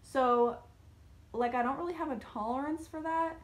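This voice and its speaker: A young woman vlogging a casual rant, chatty and full of "like", slipping into animated quoted asides. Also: sits high, normal speed.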